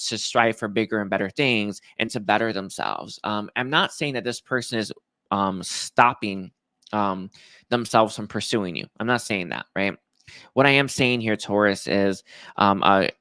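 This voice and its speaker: A young man giving a tarot reading to viewers, emotional and halting, with many fillers and restarts. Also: fairly low pitch, a bit bright, no room sound. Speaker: tarot reader.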